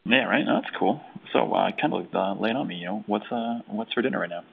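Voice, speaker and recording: A man's voice: fairly low pitch, animated, fast, creaky, breathy edge, narrow, tinny audio. A man hosting a podcast who chats casually and upbeat on a test call, with easygoing filler words. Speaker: podcast host.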